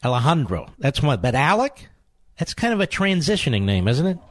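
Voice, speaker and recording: A man's voice: medium pitch, big pitch swings, fairly quick, no echo. A man hosting a talk radio show, delivering a combative, sarcastic monologue full of mocking insults.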